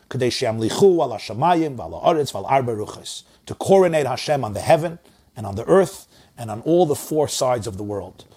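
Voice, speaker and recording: A man's voice: medium pitch, darkish tone, breathy edge. A man giving a religious lesson who reads Hebrew phrases with an Ashkenazi pronunciation, translates them and repeats words to show how to say them. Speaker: Torah teacher. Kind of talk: lesson explaining a text line by line.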